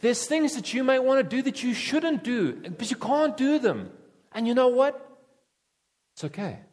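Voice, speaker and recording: A man preaching a conversational sermon to a congregation, animated and repetitive, with sudden jumps in pitch. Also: moderate pace.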